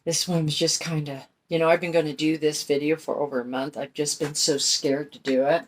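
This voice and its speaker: A woman's voice: low-pitched, flat delivery, a little fast. A middle-aged woman hosting a crafting channel, chatting in a folksy way while she paints and explains each step. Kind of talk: casual craft tutorial talk.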